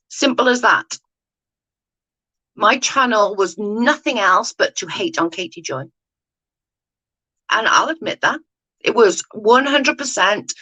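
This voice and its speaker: A woman's voice: medium pitch, pushed and bright, poor audio. A woman on a casual livestream, rambling and correcting herself, often asking if the listener follows her. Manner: rambling, self-correcting, often asks "do you know what I mean". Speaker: YouTube commentator. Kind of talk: casual livestream chat, reading viewer comments.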